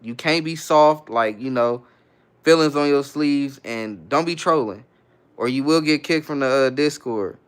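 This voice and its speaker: A man's voice: mid-range voice, a little slow, clear, resonant tone. A young man from the Bay Area hosting a livestream in a laid-back, slangy way, reading viewer comments aloud and answering each one. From San Francisco Bay Area, California. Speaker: livestream host. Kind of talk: casual live-stream chat, reading viewer comments aloud.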